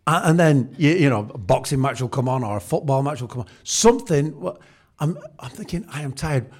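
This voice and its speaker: A man's voice: mid-range voice, expressive, brisk, darkish tone. A man preaching a humorous sermon, telling chatty everyday stories and acting out the scenes. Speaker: pastor.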